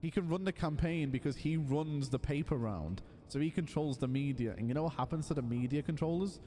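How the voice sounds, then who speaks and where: A young man giving playful, excitable live commentary while streaming a game, full of loud exclamations and silly voices. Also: fairly high pitch, brisk, big-room sound.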